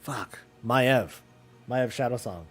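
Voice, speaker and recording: A man's voice: medium pitch, slow, over music. A man streaming a casual chat about games, rambling with many fillers and restarts.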